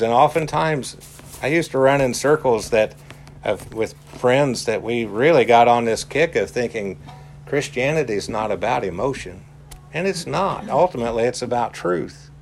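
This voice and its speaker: Slow, deliberate male preacher. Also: mid-range voice, slight background noise. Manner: slow, deliberate, emphatic repetition. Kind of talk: sermon.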